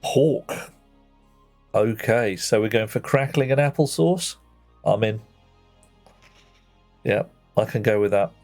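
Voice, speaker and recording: A man's voice: lowish voice, slow, long pauses, a little mellow, faint music behind. A man chatting playfully with viewers while playing a game on a livestream, greeting them by name. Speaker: streamer. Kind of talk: casual livestream chat while gaming.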